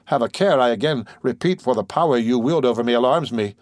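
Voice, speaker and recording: A man's voice: mid-range voice, quick pace, darkish tone, no echo, clean studio sound, lightly acted. A man reading an anguished grieving young man. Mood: pleading.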